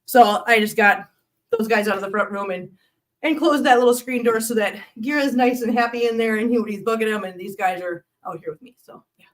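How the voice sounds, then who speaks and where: A woman hosting a casual live stream, chatty and quick to laugh, often talking to her cats. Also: on the high side, far from the mic.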